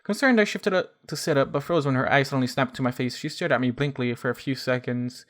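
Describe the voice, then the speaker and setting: A man's voice: medium pitch, fast. Man reading a story, stumbling often. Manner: stumbling restarts and self-corrections. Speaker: fan fiction reader.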